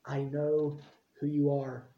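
A man voicing Jesus as a calm, welcoming teacher who talks casually and invitingly. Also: high voice, a little slow, lo-fi sound. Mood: earnest. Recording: roomy echo.

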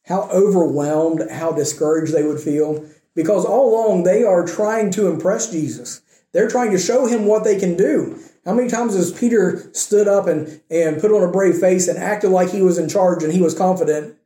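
A male pastor with a high, mellow voice delivers a sermon in a church. He keeps putting questions to the congregation as he preaches. The sound echoes around the room. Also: moderate pace.

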